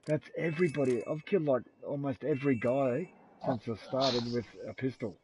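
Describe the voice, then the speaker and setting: A man's voice: mid-range voice, unhurried, background noise. A middle-aged Australian man streaming a game live, chatting in crude, boastful banter with lots of swearing. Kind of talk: casual live-stream gaming chat. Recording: dull lo-fi dry sound.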